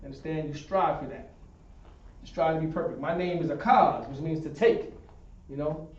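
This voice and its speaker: Male instructor, fairly high voice, patient stepwise explanations, recorded from across an echoey classroom. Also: normal speed, darkish tone, a little hiss or hum. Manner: explains step by step, often asks "understand?". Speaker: teacher of a Hebrew class. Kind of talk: classroom teaching at a whiteboard. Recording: echoey room, distant dull sound.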